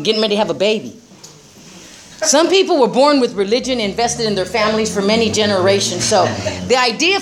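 With a slightly high voice and slight background noise behind her, a middle-aged woman gives a blunt personal talk to a group about recovery. She is profane and streetwise, cursing freely and laughing a lot.

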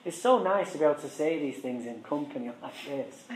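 A man's voice: a little high, lively intonation, a little fast, reverberant, a little hiss or hum, low-quality recording. A man frankly telling his recovery story to a live audience, swearing and joking wryly. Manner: frank, profane, wry, conversational.

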